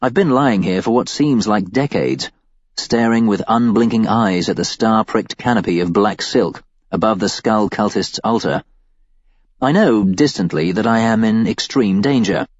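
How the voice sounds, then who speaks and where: Male audiobook narrator, lowish pitch, wry deadpan first-person read, dull sound. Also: moderate pace, no room sound.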